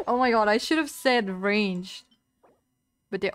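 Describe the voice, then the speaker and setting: A woman's voice: fairly high pitch, expressive, unhurried, long pauses. A young woman streaming a video game, chatting casually with her viewers, playful and giggling at her own wordplay. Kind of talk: casual live-stream chat while gaming.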